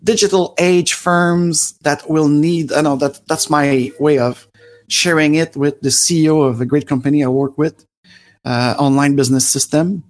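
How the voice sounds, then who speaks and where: A man's voice: on the high side, fairly even intonation, moderate pace. A French-Canadian man in his forties with a Quebec French accent, hosting a rambling live stream with many fillers and restarts. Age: 40s. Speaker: livestream host.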